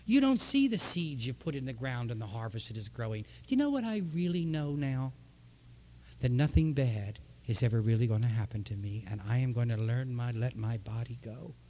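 A man delivering a sermon to his congregation. His voice is mellow and warm, and he preaches with passion, building emphasis through repeated lines. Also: medium pitch. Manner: impassioned, preaching with rising emphasis and repetition. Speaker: pastor.

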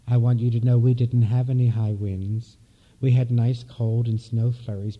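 A man, the minister of a church, preaching a reflective, unhurried sermon in a soft-spoken way. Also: medium pitch. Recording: dull lo-fi recording.

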